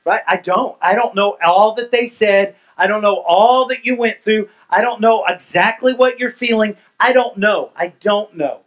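A man preaching a sermon as pastor, swinging between hushed lines and loud ones and asking the congregation questions. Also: sits high, moderate pace, few pauses, lo-fi sound.

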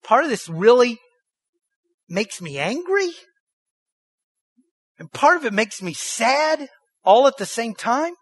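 Male pastor, high voice, dry close sound, emphatic sermon delivery with rhetorical questions and call-and-response. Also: big pitch swings, takes it slowly, long pauses, a bit bright, slightly rough, no room sound. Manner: emphatic, rhetorical questions, leads the congregation in repeating lines.

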